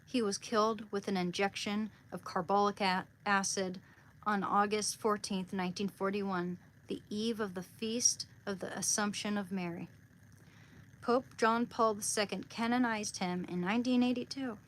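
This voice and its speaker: Brief: woman, mid-pitched, soft and halting, emotional, near tears, home livestream. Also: steady tone, slight background noise. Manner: soft-spoken, tearful and halting, with restarts. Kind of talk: casual livestream chat and prayer reading. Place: small room at home.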